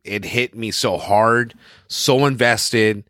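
A man's voice: on the low side, slow pace, fairly bright tone, dry recording, clean studio sound. A man co-hosting a podcast, chatting in an easygoing, enthusiastic way. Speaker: podcast co-host. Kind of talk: casual chat.

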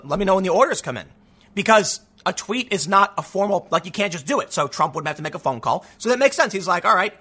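A man's voice: high-pitched, pushed and bright. A man hosting a political commentary monologue, reading articles aloud in an incredulous, sarcastic way. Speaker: commentator hosting his own channel.

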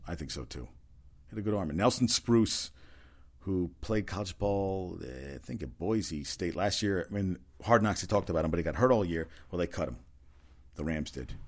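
Man, very low voice, casual sports chat, rambling, opinionated, lots of fillers. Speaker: sports talk host. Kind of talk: casual solo sports rundown.

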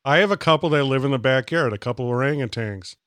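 A man hosting a podcast, chatting in a deadpan, teasing way. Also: mid-range voice, quick pace, dry recording, studio quality. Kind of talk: casual podcast chat.

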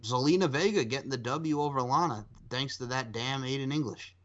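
Man, casual podcast host, rambling and animated, medium pitch, dull lo-fi audio. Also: fairly quick. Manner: animated, rambling, swears and laughs often. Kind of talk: casual chat. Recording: dull lo-fi sound.

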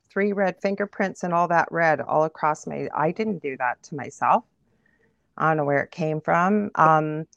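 A woman's voice: low-pitched, vocal fry, no echo, highs cut off. A woman from Canada, a guest medium, vividly recounting a story in a conversational interview. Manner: animated, vivid retelling.

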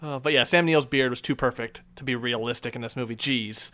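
A man's voice: medium pitch, brisk, sharp tone, slight background noise. A man in a casual movie review chat, easygoing and rambling, saying "yeah" a lot.

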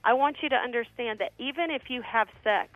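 A middle-aged woman, a ministry founder, telling family stories as a radio interview guest in an earnest, animated way. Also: fairly high pitch, brisk, dry recording, soft background music. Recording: tinny phone line.

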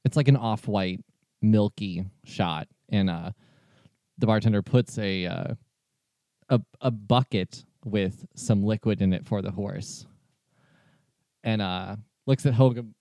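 A man running a tabletop role-playing game as game master, narrating in a relaxed way with many fillers. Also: on the low side, takes it slowly, pauses often, dry recording.

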